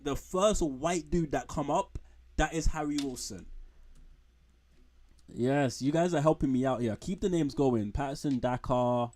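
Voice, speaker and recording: A man's voice: mid-range voice, a little slow, darkish tone. A man streaming from home, rambling frankly through football players with slang and blunt put-downs. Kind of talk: casual live-stream commentary.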